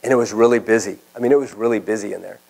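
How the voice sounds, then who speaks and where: A man's voice: lowish voice, rapid-fire, gravelly, darkish tone, low-quality recording. A male pastor preaching a sermon, telling personal stories and acting out the voices of the people in them. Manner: storytelling, acts out quoted voices.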